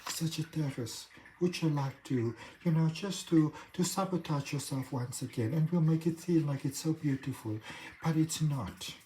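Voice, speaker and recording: A man's voice: a little high, normal speed, warm tone, slight background noise, close to an everyday voice, poor audio. A man putting on a sultry, coaxing self-sabotage voice. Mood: seductive. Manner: seductive, coaxing.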